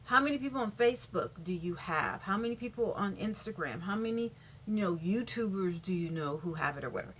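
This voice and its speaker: A woman's voice: mid-range voice, lively intonation, fairly quick, a little hiss or hum. Woman vlogger at home, casual and rambling, trips over figures, slightly muffled recording. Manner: rambling, stumbles over numbers, self-corrects. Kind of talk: casual update reading figures aloud.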